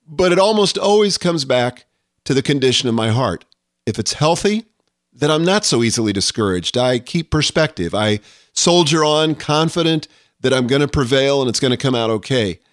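A man's voice: fairly high pitch, animated, moderate pace, no room sound, clean studio sound. An older man hosting a podcast, speaking in an earnest, reflective scripted monologue. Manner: earnest, reflective, reads quotes aloud. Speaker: podcast host.

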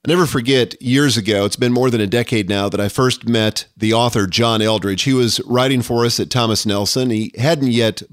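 A man's voice: medium pitch, normal speed, hardly any pauses, no echo, studio quality. An older man hosting a podcast, speaking in an earnest, reflective scripted monologue. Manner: earnest, reflective, reads quotes aloud. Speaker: podcast host.

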